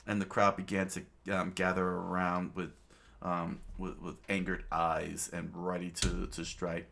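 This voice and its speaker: A man narrating a manga aloud, halting and restarting often. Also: deep voice, completely flat delivery, vocal fry, a bit bright, a little hiss or hum. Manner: halting, many fillers and restarts. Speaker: reader, narrator. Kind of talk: unscripted manga read-aloud.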